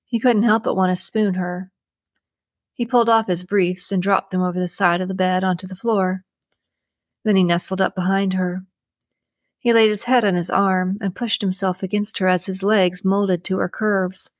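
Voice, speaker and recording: A woman reading a romance novel aloud as narrator, in a measured, even storytelling delivery. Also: mid-range voice, no room sound, studio quality. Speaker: audiobook narrator.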